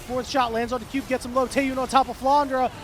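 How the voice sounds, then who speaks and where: A man calling live esports play-by-play, rapid and excitable, bantering with his co-caster. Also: extremely high pitch.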